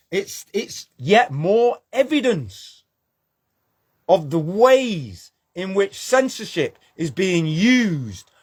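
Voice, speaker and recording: A man delivering a scornful, preachy monologue, firing rhetorical questions and repeating his points. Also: high voice. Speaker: channel host. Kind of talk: impassioned monologue rant.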